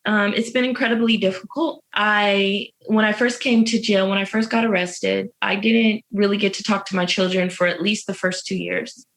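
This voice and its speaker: A woman's voice: medium pitch, a bit bright, rough recording. Earnest woman speaking from jail. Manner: earnest, faith-filled, emphatic repetition. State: emotional. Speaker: interview guest, incarcerated mother. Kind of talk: heartfelt personal testimony.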